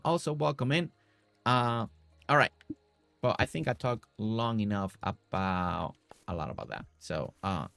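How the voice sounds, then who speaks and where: A man's voice: mid-range voice, vocal fry, a bit bright, no echo. A man casually talking viewers through his building ideas on a live game stream, rambling with many fillers and restarts.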